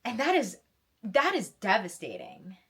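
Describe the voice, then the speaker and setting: Speaking unhurriedly in a husky, medium-pitched voice with huge pitch swings, a young woman emotionally gushes over a book in a casual reading vlog. She often stumbles over her words and begins again.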